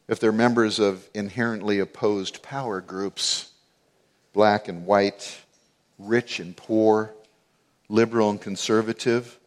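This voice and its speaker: A man preaching a sermon, mostly conversational and rising to emphatic peaks. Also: fairly low pitch. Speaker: pastor.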